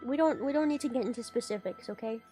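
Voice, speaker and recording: A woman streamer in casual livestream chat, excitable and playful, rambling and swearing casually, her voice leaping up and down in pitch and loudness. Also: fast talker, faint music behind.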